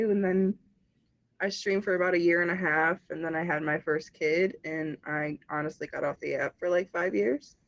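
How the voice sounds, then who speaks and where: A young woman with a cold and slightly congested, a streamer guest chatting casually and quickly. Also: lowish voice, a bit bright, muffled recording. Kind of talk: casual interview chat.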